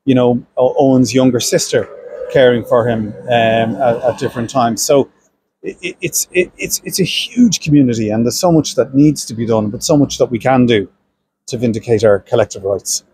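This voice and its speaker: A man's voice: mid-range voice, moderate pace, darkish tone, a little hiss or hum, low-quality recording. A middle-aged Irish man, a senator, speaking earnestly in an interview with frequent restarts and fillers. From Ireland. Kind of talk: political interview.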